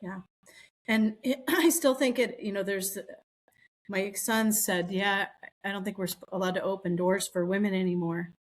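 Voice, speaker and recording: A woman's voice: medium pitch, steady tone, moderate pace. A middle-aged woman co-hosting a podcast, telling stories in casual chat and acting out the voices of people she quotes. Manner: chatty storytelling, acts out quoted voices. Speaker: podcast co-host.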